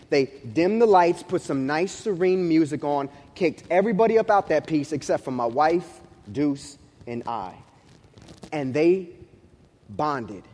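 A pastor in his thirties preaches with a fairly high voice for a man, and his words ring out with a long reverb in a large church hall. He tells a story in lively street slang, acting out the voices of the people in it. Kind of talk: sermon.

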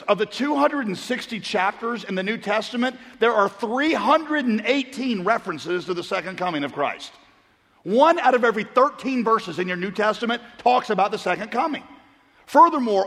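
High-voiced man preaching in a big hall. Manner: storytelling, swings between loud punchlines and hushed earnest asides. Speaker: pastor. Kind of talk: sermon. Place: large church auditorium. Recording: long hall reverb.

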